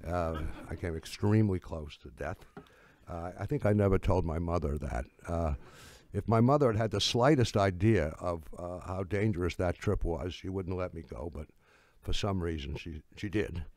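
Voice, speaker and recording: An older man with a lowish voice tells a story from the stage, halting and restarting as he goes. His humor is dry, and the sound is close and dead, with no room around it. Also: a little mellow, dry recording. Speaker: speaker giving a talk. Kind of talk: anecdotal storytelling talk.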